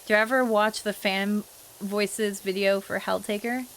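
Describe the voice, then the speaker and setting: A young woman streamer chats casually while she plays, answering chat and slipping into character voices. Her voice sits at a middle pitch. A faint hum of background noise runs under it. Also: steady tone, a little slow, a bit bright. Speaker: streamer and voice actor.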